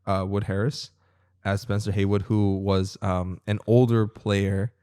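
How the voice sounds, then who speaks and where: A man's voice: fairly low pitch, flat delivery, unhurried, dark tone, clear, resonant tone, no room sound, clean studio sound. A young man co-hosting a podcast, chatting casually, rambling with lots of fillers and freely swearing. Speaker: podcast co-host. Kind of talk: casual chat.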